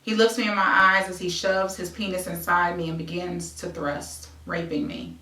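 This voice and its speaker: A woman's voice: lowish voice, level tone, normal speed, pushed and bright, distant mic. Woman reading her memoir aloud, echoey. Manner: present-tense storytelling broken by conversational asides. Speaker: memoir author and host.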